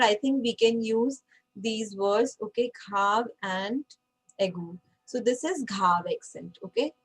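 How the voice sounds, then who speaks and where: A woman's voice: mid-range voice, low-quality recording. A woman teaching an online French class, patient and checking in with frequent okays.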